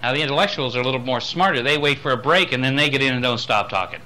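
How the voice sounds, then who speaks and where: A man teaching a lecture on voice and speaking, dropping low and soft, then rising loud to show his points. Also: very fast. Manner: demonstrates voices, swings between soft and loud. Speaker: spiritual voice teacher. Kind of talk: recorded lecture on voice.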